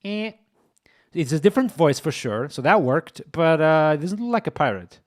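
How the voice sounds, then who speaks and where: A man hosting a live coding stream, excitable and exclaiming as he talks to his chat. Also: on the high side, normal speed. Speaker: streamer, host.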